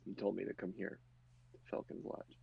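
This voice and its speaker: A man's voice: sits low, completely flat delivery, gravelly, breathy edge, highs cut off, heavily acted. A man voicing a frightened, grieving woman in her mid-forties who stammers and halts as she speaks. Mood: shaken. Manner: stammering, halting.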